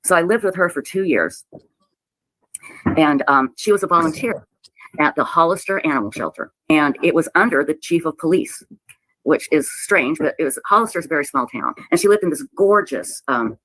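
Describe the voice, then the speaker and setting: A woman telling a personal story in a halting, emotional way, often repeating herself and close to tears. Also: deep voice, lively intonation, fairly bright tone, no echo, rough recording. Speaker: website owner telling her story. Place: played clip of a livestream.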